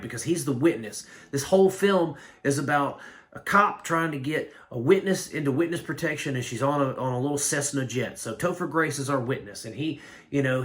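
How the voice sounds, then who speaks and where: A man giving a casual spoken film review, blunt and rambling, with animated complaints. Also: mid-range voice. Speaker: movie reviewer.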